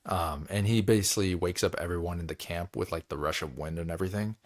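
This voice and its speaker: A man's voice: deep voice, quick pace. A man hosting a book club, recapping chapters in a loose, rambling way, with lots of filler words and frequent laughs.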